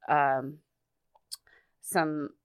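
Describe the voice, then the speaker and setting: A woman with a low, smooth voice tells a story in relaxed conversation. She stops and restarts often and fills her pauses with "like" and "um". The sound is close and dry, with no room around it. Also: no echo. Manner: halting, many fillers and restarts. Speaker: guest recounting a personal story.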